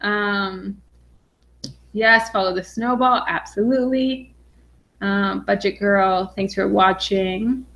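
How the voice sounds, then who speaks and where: A young adult woman from Western Massachusetts, a finance vlogger excitedly reading viewer comments on a casual live stream, with lots of "um"s. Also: mid-range voice, slow pace. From Western Massachusetts, USA. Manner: bubbly and excited, frequent "um"s.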